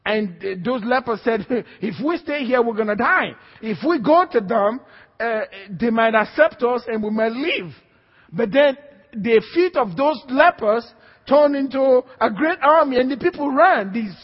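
A man's voice: very high voice, husky. A man preaching a sermon with emphatic repetition and call-and-response to the congregation. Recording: dull, echoey hall recording.

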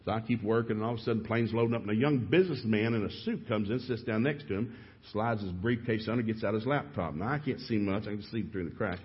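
A man's voice: lowish voice, fast talker, husky. A male pastor preaching a sermon, telling stories with animation and leading the congregation through vows to repeat. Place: church sanctuary. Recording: reverberant church hall, dull lo-fi.

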